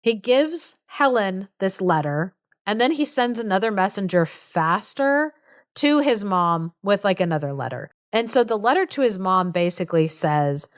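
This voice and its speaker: A woman's voice: medium pitch, animated, moderate pace. A young woman co-hosting a podcast, casually retelling a play in a chatty way, full of "like", and acting out the characters' lines as she goes. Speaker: podcast co-host.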